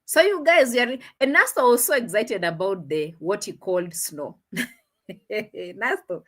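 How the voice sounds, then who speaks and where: Animated laughing woman commentator. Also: mid-range voice, measured pace, pauses often. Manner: laughs often, mocking, animated retelling. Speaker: commentary vlogger. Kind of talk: reaction commentary.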